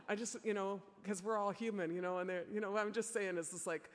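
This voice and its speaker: A woman's voice: mid-range voice, steady tone, fairly quick, big-room sound. A middle-aged woman giving an impassioned public speech as an activist, often filling with "you know.". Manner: impassioned, with many repeated "you know" fillers. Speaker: activist speaker.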